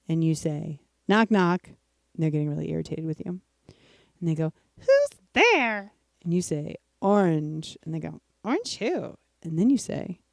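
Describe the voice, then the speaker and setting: A woman's voice: sits low, mellow, dry recording, clean studio sound. Chatty New woman hosting a stream. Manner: chatty, joking, addresses viewers directly. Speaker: host of a live music stream. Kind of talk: casual chat between songs.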